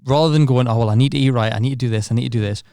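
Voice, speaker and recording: A man's voice: mid-range voice, racing, warm tone, clear, resonant tone, dry recording, clean studio sound. A man from England hosting a podcast, encouraging, chatty and casual, swearing now and then. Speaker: podcast host. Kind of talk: casual conversation.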